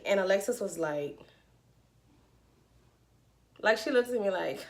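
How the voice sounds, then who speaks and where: A young woman vlogger telling a story to her viewers in an animated, slangy way. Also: mid-range voice, slow pace, long pauses. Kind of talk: storytime vlog.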